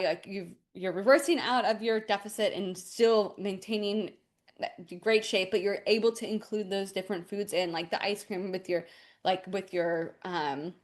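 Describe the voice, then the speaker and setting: A woman hosting an interview, encouraging and supportive, speaking loosely with many fillers. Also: mid-range voice. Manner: warm, encouraging, rambling with fillers. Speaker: nutritionist host. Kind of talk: casual interview.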